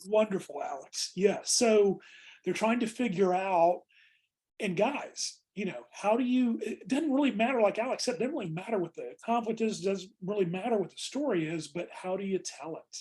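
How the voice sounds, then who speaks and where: A man's voice: high voice, lively intonation, normal speed, darkish tone, slightly rough. A man teaching a class on job interviews, talking informally and calling students "guys". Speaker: instructor.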